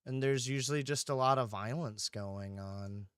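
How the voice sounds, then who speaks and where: A man's voice: mid-range voice, moderate pace, hardly any pauses, smooth, no room sound, clean studio sound. A man livestreaming a game, rambling casually with lots of swearing and "dude". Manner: rambling, profane, keeps saying dude. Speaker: streamer.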